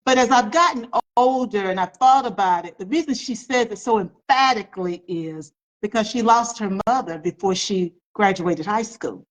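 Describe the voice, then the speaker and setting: In an interview, a middle-aged woman author tells family stories emphatically, repeating phrases for effect. Her voice is medium-pitched, she talks at normal speed with few pauses, and the recording is rough.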